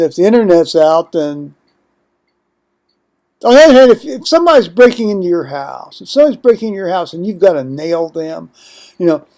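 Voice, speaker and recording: A man's voice: high voice, warm tone. An older man vlogging at home in a rambling monologue, digressing often with blunt, profane asides.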